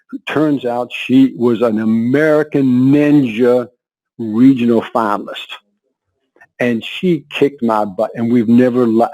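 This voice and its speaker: Older man telling lively stories. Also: mid-range voice, poor audio. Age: 70s. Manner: lively anecdotes, frequent laughter and word repetition. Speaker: interview guest. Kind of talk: conversational storytelling.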